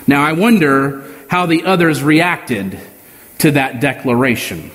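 A man preaching a sermon, slow and deliberate, with emphatic pauses. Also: on the high side, a bit bright. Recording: long hall reverb.

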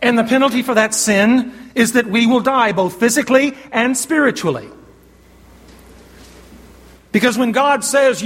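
A man's voice: extremely high pitch, a bit bright. A man preaching a sermon, emphatic, quoting scripture and asking his listeners to call out answers. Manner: emphatic, asks the congregation questions and pauses for answers. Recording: long hall reverb.

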